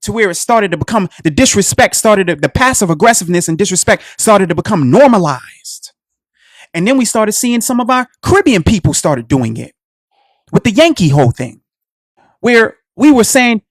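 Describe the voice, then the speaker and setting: A man's voice: sits high, big pitch swings, normal speed, no room sound, studio quality. Preachy man with a Black American accent. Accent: Black American English. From United States. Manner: preachy, addresses listeners as family. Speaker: radio show host. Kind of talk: impassioned monologue.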